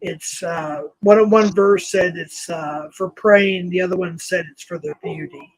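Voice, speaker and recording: Chatty guy in his 50s hosting a live stream, kinda high voice, rambles on to the viewers. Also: steady tone, measured pace, no echo, low-quality recording. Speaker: host. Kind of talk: casual live-stream chat.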